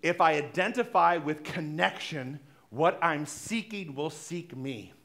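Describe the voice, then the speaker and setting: High-voiced man preaching a playful sermon. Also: unhurried, vocal fry, pushed and bright. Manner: conversational and playful, acting out little dialogues, laughing. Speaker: minister. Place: church sanctuary.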